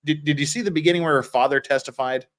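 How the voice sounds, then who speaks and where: A man's voice: on the high side, steady tone, fast, a bit bright. Blunt, profane man hosting a livestream. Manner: blunt, profane, rambling with restarts. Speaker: legal commentary livestream host. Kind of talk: casual livestream commentary, reading viewer comments.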